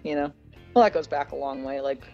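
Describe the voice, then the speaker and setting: A woman's voice: deep voice, fairly quick, a little mellow, lo-fi sound, faint music behind. A woman guest on a podcast, an actress, chatting casually and laughing often while staying guarded about her upcoming work. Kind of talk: casual interview chat.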